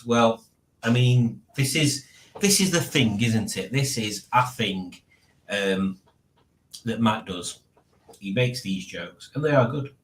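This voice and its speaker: A man's voice: medium pitch, lively intonation, takes it slowly, pauses often, echoey room, a little hiss or hum. Rambling guy reading chat. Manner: rambling, reads chat messages aloud, chuckles to himself. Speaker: livestream host reading chat. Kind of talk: casual chat. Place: at home, indoors.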